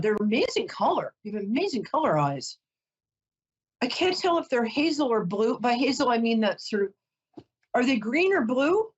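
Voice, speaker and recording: A woman's voice: fairly high pitch, breathy edge, lo-fi sound. A woman psychic host doing a reading for a caller, chatty, emotional and apologetic, often close to tears.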